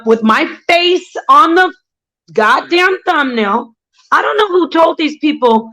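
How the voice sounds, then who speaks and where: A woman's voice: a little high, a bit bright, low-quality recording. A woman hosting her own channel, telling a story in an indignant casual rant with mocking impressions of others. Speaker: channel host.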